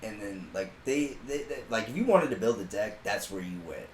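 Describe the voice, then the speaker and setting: Male podcast co-host: crude, lively anecdotes in a roomy space with light background noise. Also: lowish voice, moderate pace. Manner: animated storytelling, swears constantly, gets loud retelling a rant. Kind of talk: casual profane chat.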